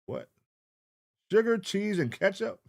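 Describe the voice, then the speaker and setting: A man's voice: high voice, big pitch swings, slow, gravelly, no echo, clean studio sound. A man hosting a live stream, chatting loosely and profanely with his chat and reading out names in a sing-song voice. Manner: sing-song roll-call shout-outs. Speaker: streamer host. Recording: music playing loudly behind. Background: hip hop music.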